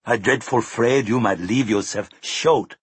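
A man's voice: fairly low pitch, unhurried, breathy edge, no echo. A man voicing a brash male taxi driver with a put-on Jamaican accent and a teasing, sing-song manner.

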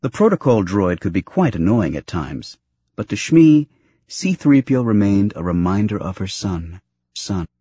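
Husky-voiced male story narrator. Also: on the low side, normal speed, no room sound. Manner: expressive storytelling. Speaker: audiobook narrator. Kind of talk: scripted narration.

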